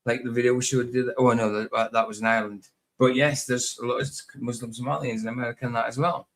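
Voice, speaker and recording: Laid-back male host, bright voice, chatty and easy laughs. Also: mid-range voice, little pitch movement, quick pace. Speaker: podcast host. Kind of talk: casual chat.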